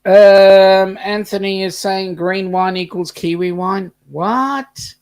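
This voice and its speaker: A man's voice: sits high, steady tone, slow pace, a little mellow, clear, resonant tone. A man co-hosting a casual live stream, reading out viewer comments with a joking, bantering manner. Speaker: livestream co-host.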